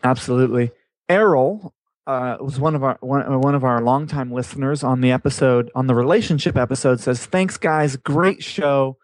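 A man co-hosting a podcast in relaxed chat, upbeat and easygoing, calling his partner man and dude. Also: medium pitch, fairly quick, no room sound. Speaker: podcast co-host.

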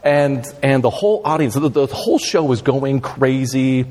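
A man telling a story as a podcast guest, animated and laughing, acting out shouted quotes. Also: mid-range voice, moderate pace, in a large hall. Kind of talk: casual storytelling.

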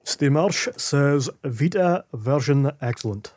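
A man's voice: medium pitch, expressive, a little mellow. A man co-hosting a casual podcast, reading out listener messages. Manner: reads listener messages out slowly. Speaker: podcast co-host.

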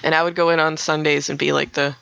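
A woman's voice: low voice, little pitch movement, quick pace, gravelly, fairly bright tone, clear, resonant tone, dry recording, lo-fi sound. A young woman from Minnesota, a radio worker and podcast guest, chatting casually in an interview. She laughs a lot and trails off mid-sentence. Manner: laughs often, trails off and restarts.

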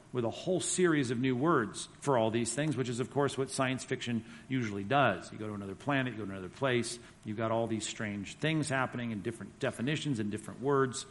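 A man's voice: medium pitch, fairly bright tone. Man teaching a class in a reverberant hall. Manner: conversational, emphatic, reads quotes aloud. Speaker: Bible teacher. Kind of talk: church teaching class with slides.

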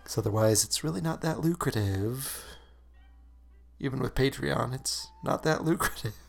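A man's voice: mid-range voice, animated, moderate pace, gravelly, soft background music. A man co-hosting a casual podcast, chatty and laughing often. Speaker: podcast co-host. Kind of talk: casual chat.

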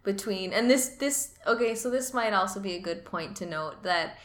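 A woman's voice: mid-range voice, expressive, normal speed. Chatty woman in a roomy space. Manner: chatty, laughs often, drops into Mandarin examples. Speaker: podcast co-host. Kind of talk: casual chat about learning Mandarin. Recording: roomy echo.

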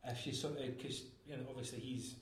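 A man's voice: medium pitch, steady tone, fairly quick, slight background noise. A man in a jokey film chat, asking questions and hedging with "sort of". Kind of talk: casual film discussion. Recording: roomy echo.

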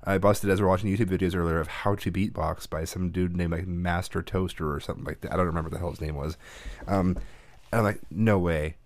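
A man's voice: sits low, quick pace, dry recording. A man in his thirties, a father and podcast co-host, telling a family story in casual chat and acting out the quotes. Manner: animated storyteller, acts out quotes.

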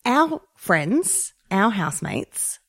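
A woman's voice: mid-range voice, sing-song, drawn-out words, no room sound, clean studio sound. A woman co-hosting a podcast, chatting with playful enthusiasm. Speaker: podcast co-host. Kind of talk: casual podcast chat.

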